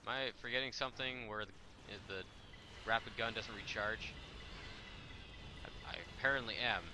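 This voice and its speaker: A man hosting a live let's play, commenting as he plays; he shouts attack names in bursts and mutters asides in between. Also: medium pitch, steady tone, normal speed, long pauses, noisy background.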